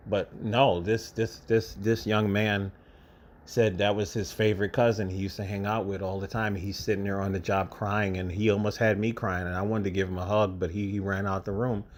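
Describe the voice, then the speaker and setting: Emotional man telling a story, halting. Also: on the low side. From New York State. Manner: emotional, halting, repeats words. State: holding back tears. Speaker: vlogger. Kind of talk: casual monologue to camera.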